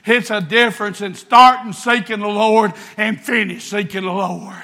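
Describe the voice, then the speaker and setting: A preacher man with a very high, bright, ringing voice, preaching with fervent emotion and often breaking into shouts. His delivery is heartfelt and insistent, full of the passion of a revival pulpit. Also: steady tone, moderate pace, creaky. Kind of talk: sermon.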